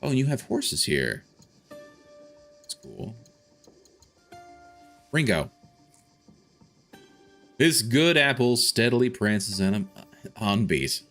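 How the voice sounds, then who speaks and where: A man's voice: medium pitch, big pitch swings, takes it slowly, long pauses, a bit bright, faint music behind. A man streaming a video game, chatting casually and thinking aloud with frequent restarts and filler. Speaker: gaming streamer. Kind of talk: casual live gameplay commentary.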